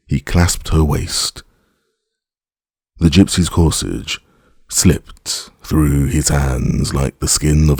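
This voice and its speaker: Deep gravelly guy narrating an audiobook, dark husky voice, dry close sound. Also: dry recording.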